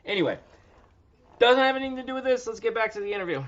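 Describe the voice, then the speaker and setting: A man's voice: extremely high pitch, expressive, racing, fairly bright tone. A man in his thirties hosting a casual livestream from home, loose, joking and profane. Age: 30s. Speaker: livestream host. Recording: dull lo-fi stream audio.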